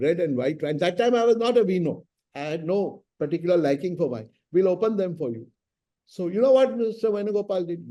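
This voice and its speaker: A middle-aged man with an Indian English accent, a senior lawyer telling anecdotes about his mentor in an interview and acting out the dialogue. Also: high voice. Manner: lively raconteur acting out quoted dialogue.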